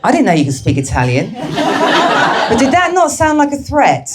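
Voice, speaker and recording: A woman's voice: high-pitched, huge pitch swings, normal speed, over loud music. A woman performing a brash, crude stand-up comedy set, teasing the crowd at a live show.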